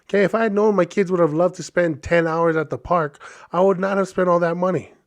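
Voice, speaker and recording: A man from Hawaii in his thirties, a podcast host telling a casual story in a chatty, animated way with many fillers. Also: high voice, fairly quick.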